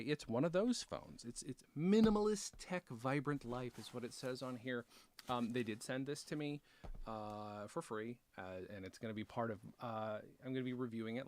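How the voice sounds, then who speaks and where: A man hosting a casual unboxing vlog, rambling with self-deprecating jokes and chatty asides. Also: medium pitch. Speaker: author and video host.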